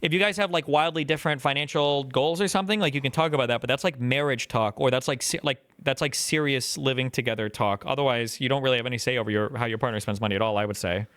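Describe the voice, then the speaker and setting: A man hosts a casual call-in show, giving blunt advice. He talks very quickly, with lots of "like" fillers. His voice is smooth and clear in a dry, close setting. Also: medium pitch, a bit bright, no echo. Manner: rapid, many "like" fillers, blunt. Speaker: podcast host.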